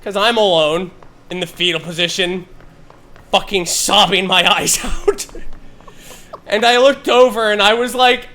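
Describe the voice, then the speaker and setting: A man telling a story on a live stream, rambling with many fillers and swearing freely, building to loud, animated bursts. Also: high voice, unhurried, pauses often.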